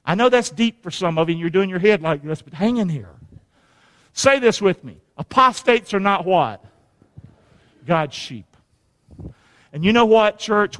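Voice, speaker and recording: A man preaching a sermon in a church, emphatic and calling on the congregation to repeat lines after him. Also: high voice. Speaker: pastor. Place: church sanctuary. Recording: long reverb of a church hall.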